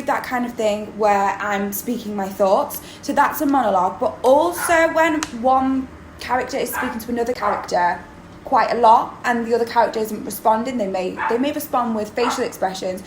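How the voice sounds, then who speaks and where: A woman drama teacher, explaining in a chatty video lesson with many ums. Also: fairly high pitch. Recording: roomy echo, faint background noise.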